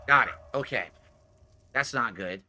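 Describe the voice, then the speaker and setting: A man's voice: medium pitch, unhurried, sharp tone. A man livestreaming from his room at home, chatting casually with his viewers and thinking aloud as he works on a task with his hands. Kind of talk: casual live-stream chat. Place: home room with foam soundproofing on the wall.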